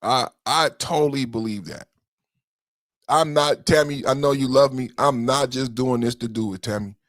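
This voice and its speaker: A man's voice: mid-range voice, moderate pace, no echo. A man hosts a podcast in heated livestream commentary, emotional and profane. He circles back on his points and speaks straight to commenters. The sound is close and dry with no room in it. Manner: emotional, profane, repeats himself, talks straight to chat commenters. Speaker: podcast host.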